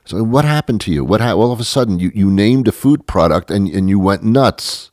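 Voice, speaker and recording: A man's voice: fairly low pitch, animated, a little fast, a little mellow, no echo, clean studio sound. A man hosting a podcast, talking in a rambling, sarcastic comedic monologue that often stops and restarts. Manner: rambling, self-interrupting, sarcastic. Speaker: podcast host.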